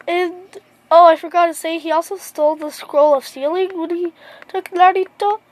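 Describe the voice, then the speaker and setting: Very high-voiced woman rambling through a story. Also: steady tone, normal speed. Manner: rambling, repeats herself. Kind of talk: improvised fan story retelling.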